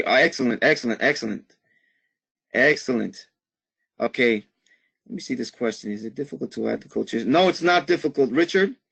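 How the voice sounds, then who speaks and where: A man's voice: mid-range voice, vocal fry, fairly bright tone, husky. A man teaching a live online marketing webinar in an upbeat way, checking in with "okay?" after almost every phrase.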